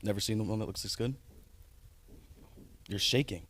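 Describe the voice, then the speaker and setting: A man's voice: lowish voice, normal speed, a bit bright. A man cutting an in-character wrestling promo as a wrestler, cocky, vain and taunting.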